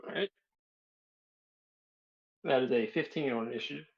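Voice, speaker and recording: A man's voice: mid-range voice, moderate pace, vocal fry. Eager man on a dull lo-fi line. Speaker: player. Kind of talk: playing a tabletop game.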